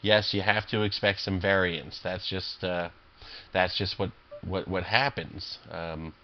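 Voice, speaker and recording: Low-voiced man ranting over poker. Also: steady tone, unhurried, lo-fi sound. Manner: irritable, swearing, rambling with many fillers and restarts. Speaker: online poker player commentating his own games. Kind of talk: profane live game commentary.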